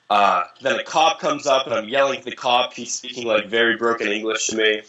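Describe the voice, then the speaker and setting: A man's voice: mid-range voice, fast, few pauses, rough recording. A young man, a guest in an interview, telling casual, profane anecdotes and acting out what people said. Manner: animated, profane, acts out quoted voices. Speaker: interview guest, dating coach. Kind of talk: casual storytelling.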